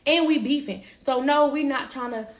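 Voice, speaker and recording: A woman's voice: high-pitched, normal speed. A woman telling a personal story casually to a live-stream audience, chatty and direct. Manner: chatty, addresses listeners as y'all, quotes others.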